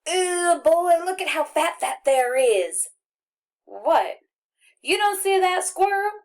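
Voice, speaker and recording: A woman's voice: on the high side, expressive. A woman reading an audiobook, voicing a friendly, boastful country boy from Arkansas with a folksy drawl. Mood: excited. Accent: rural Arkansas. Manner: folksy drawl, jabbering fast and eager.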